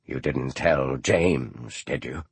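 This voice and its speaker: A man narrating an audiobook, voicing an older male scholar who speaks softly and sounds strained and guarded. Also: a bass voice, takes it slowly, breathy edge, no echo, pitched below the performer's own voice, heavily acted. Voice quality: soft-spoken, tense.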